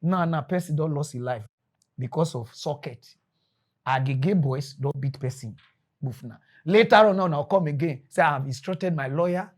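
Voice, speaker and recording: A man with a Nigerian Pidgin accent, ranting in animated commentary as a mock news presenter. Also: fairly high pitch, moderate pace.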